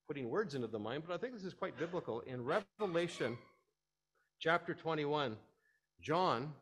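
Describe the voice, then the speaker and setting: A man preaching a sermon, explaining scripture in a teaching tone and rising to emphatic, animated stresses. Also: fairly high pitch.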